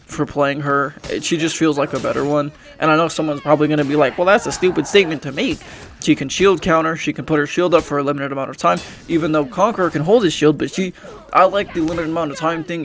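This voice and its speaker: A man's voice: fairly high pitch, gravelly. A young man giving frustrated, profane game commentary as a YouTuber, often restarting his sentences. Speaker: gaming YouTuber.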